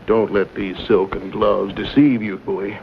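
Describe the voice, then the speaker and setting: Smooth scheming bad guy, polite but threatening, old muffled tv sound. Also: lowish voice, flat delivery, unhurried. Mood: menacing. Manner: smooth, mocking, menacing courtesy. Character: suave scheming male villain in silken gloves. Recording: dull old TV audio with faint hiss.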